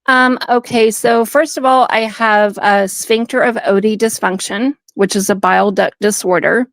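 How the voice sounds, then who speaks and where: A woman's voice: medium pitch, normal speed, dry recording, rough recording. A congested woman from Houston with a Texan accent, calling in to a live show and chatting earnestly. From Houston, Texas. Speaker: caller. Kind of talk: casual call-in chat.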